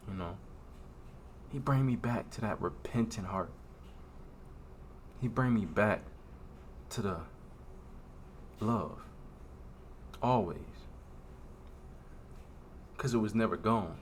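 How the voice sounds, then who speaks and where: Young male faith vlogger, low voice, earnest and halting, faint hiss in the background. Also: bright, forceful tone. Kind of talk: confessional vlog talk.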